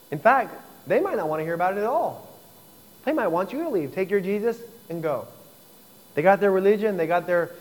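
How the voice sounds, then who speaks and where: A man's voice: high-pitched, long reverb tail, rough recording. A man preaching a sermon, earnestly explaining scripture and acting out everyday conversations. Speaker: pastor.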